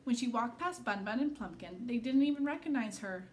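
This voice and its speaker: A woman from a school staff reads a picture book aloud, storytelling with lots of expression. Her fairly high voice rises and falls widely. Clear background hiss runs under the recording. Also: animated, fairly quick, hardly any pauses.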